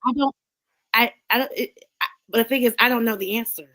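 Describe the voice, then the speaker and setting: A woman's voice: fairly high pitch, brisk, sharp tone. Laid-back woman co-host, teasing. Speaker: podcast co-host. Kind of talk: casual livestream chat. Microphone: video call.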